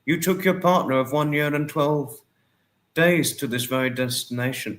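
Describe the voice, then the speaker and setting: A man hosting a casual livestream, warmly greeting and thanking viewers by name and apologizing often. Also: on the high side, normal speed. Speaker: livestream host. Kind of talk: casual livestream chat reading viewer comments.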